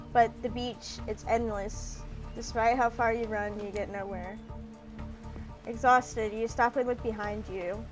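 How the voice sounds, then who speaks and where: A woman's voice: fairly high pitch, rough recording. A woman streaming a dating sim, chatting playfully and reading the story text aloud with a lot of giggling. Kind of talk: casual gaming commentary, reading game text aloud.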